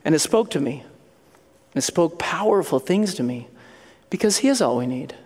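A man's voice: a little high, animated, moderate pace, a little mellow, slightly rough. A male pastor preaching a sermon in an earnest, conversational storytelling manner. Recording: long hall reverb.

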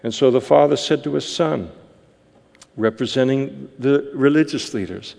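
A man's voice: medium pitch, moderate pace, creaky, darkish tone, big-room sound. A male preacher explaining a Bible passage verse by verse in a conversational, explanatory manner. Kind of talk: verse-by-verse sermon.

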